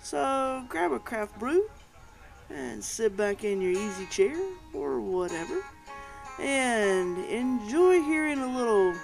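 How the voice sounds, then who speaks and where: A woman's voice: on the high side, lively intonation, slow, vocal fry, music in the background. A woman preacher giving a conversational podcast sermon, reading scripture and reflecting on it, with rising emphasis at key points.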